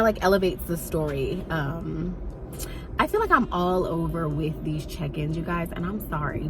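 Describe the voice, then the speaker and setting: A young female book vlogger with a mid-range voice chats casually with her viewers, addressing them directly. She's expressive and gushing, and she laughs often.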